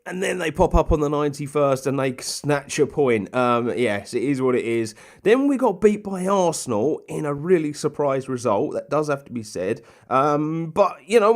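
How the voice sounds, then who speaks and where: A young man casually commentating a football management game, chatty and rambling with plenty of ums and asides. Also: fairly high pitch. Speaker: gaming commentator.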